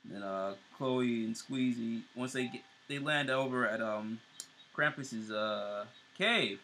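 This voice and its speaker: A man's voice: medium pitch, takes it slowly, pushed and bright, slight background noise, rough recording. A man co-hosting a show, casually recapping TV episodes with loose fillers and restarts. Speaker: show co-host.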